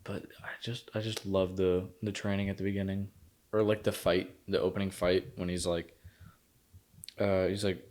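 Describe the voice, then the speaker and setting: A man co-hosting a podcast, reviewing films in casual chat and retelling scenes with lively quoted lines. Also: deep voice, fairly quick. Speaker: podcast co-host.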